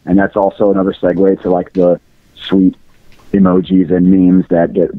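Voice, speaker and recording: A man's voice: deep voice, very animated, moderate pace, vocal fry, no echo. A man calling in to a podcast, chatting casually and laid-back. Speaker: caller. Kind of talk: casual chat on a phone call. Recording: dry tinny phone line.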